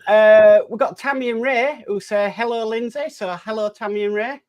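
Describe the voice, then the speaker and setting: A man's voice: high-pitched, normal speed, over a noisy crowd. A man hosting a casual live stream, reading out viewer comments in a friendly, chatty way with plenty of filler words.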